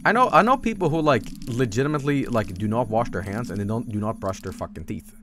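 Male streamer, Swedish accent, lively swinging pitch, rambly swearing chat over faint background noise. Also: fast. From Sweden. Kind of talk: casual game commentary.

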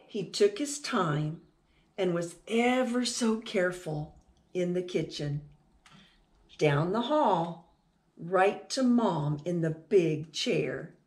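Woman doing storytime for kids, really slow, bouncy lively voice, echoey room. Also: lowish voice. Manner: animated and sing-song, asks the children questions. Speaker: children's storytime reader. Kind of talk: reading a picture book aloud to children.

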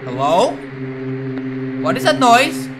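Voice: medium pitch, huge pitch swings, slow pace, noisy background. A game streamer giving casual, nervous commentary while playing a horror game. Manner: nervous, jumpy reactions. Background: game music.

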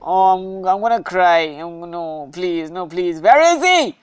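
A woman giving casual gameplay commentary, excitable and anxious, often calling out "dude". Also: on the low side, a little slow, clear, resonant tone, lo-fi sound, soft background music. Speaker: gaming video host.

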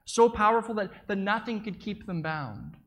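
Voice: mid-range voice, very animated, normal speed, fairly bright tone. A preacher telling a story in the first person as an eyewitness, vivid and dramatic, with small stumbles and repeated words.

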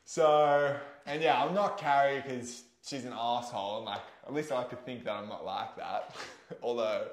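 A man recaps a show in a relaxed, joking way, swearing now and then. His voice is mid-pitched and bounces around an echoey room. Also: normal speed. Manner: laid-back, joking, swears casually. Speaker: podcast co-host. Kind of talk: casual recap chat.

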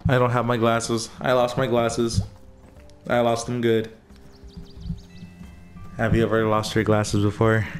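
Chill guy doing slow lets-play chatter, jokey, faint music. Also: medium pitch, completely flat delivery. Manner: laid-back, joking, mumbled asides. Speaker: gaming streamer. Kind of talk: casual let's-play commentary.

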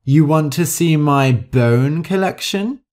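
Sneaky naughty young guy, slow and sly, guy putting him on. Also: on the high side, lively intonation, darkish tone, voice pushed up. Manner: sly, wicked.

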